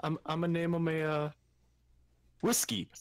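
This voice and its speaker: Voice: medium pitch, level tone, normal speed. A player in a tabletop game, joking around and making goofy in-character asides. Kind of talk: playing a tabletop game live.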